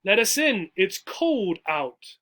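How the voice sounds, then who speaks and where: A man with a high voice explains jokes slowly and patiently for English learners. His tone is bright and forceful, and he keeps checking in with his listeners. He sounds like a teacher guiding a class step by step. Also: sing-song. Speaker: adult education teacher.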